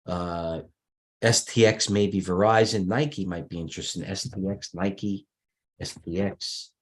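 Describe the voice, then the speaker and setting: Deep-voiced man rambling over stock charts. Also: fairly even intonation, a little slow. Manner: rambling, thinks aloud, frequent restarts and fillers. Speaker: stock market livestream host. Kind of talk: casual market commentary over charts.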